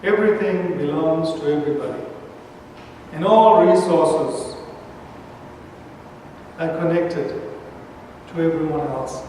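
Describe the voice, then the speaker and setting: A man's voice: on the high side, takes it slowly, pauses often, mellow, a little hiss or hum. A male pastor delivering a sermon in a church, telling stories from the streets and acting out the voices in them. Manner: storytelling, acts out street voices in quotes. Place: large church sanctuary. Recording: echoey church hall, mic from far off.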